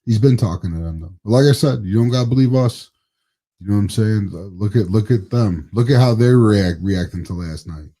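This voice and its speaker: A man co-hosts a podcast of casual political chat, swearing freely, laughing often, and trailing off into mumbles. He speaks briskly in a warm, lowish voice.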